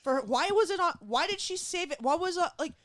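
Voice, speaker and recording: A woman comedian in her thirties, chatting on a podcast and telling animated, profane stories, acting out the people in them. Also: extremely high pitch, brisk, no room sound, clean studio sound. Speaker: comedian guest. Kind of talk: casual podcast chat, storytelling.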